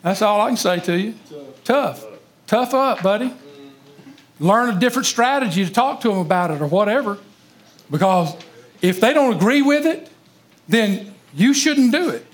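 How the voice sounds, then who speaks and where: A high-pitched man preaches to a congregation in a church. He is emphatic and energetic, speaks straight to his listeners and stumbles over repeated words when fired up. His tone stays plain and conversational between the bursts of emphasis. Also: normal speed. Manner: emphatic, engages congregation directly. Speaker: pastor. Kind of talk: sermon.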